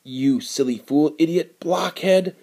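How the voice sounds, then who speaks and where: A man's voice: on the high side, takes it slowly, mellow, pitched above the performer's own voice. A man doing a shrieking, furious zoo guard. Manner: shrieking, scolding rage. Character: furious adult male menagerie guard.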